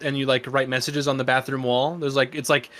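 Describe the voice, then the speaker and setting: A man's voice: mid-range voice, level tone, fairly quick, bright, forceful tone. A young man co-hosting a casual chat show, talking in a loose, rambling way and swearing casually. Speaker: podcast co-host.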